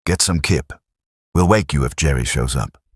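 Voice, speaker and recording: A man's voice: a bass voice, moderate pace, husky, no room sound, studio quality, full character voice. A man voicing a blunt, practical Welsh platoon sergeant with a Welsh accent who takes charge.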